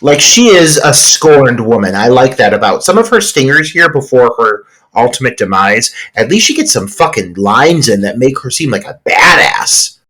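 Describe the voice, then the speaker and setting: A man's voice: mid-range voice, big pitch swings, moderate pace, few pauses, a bit bright, rough recording. A man co-hosting a podcast, reacting to a horror film in an emphatic, casual way and swearing often. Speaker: podcast co-host. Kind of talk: casual film review chat.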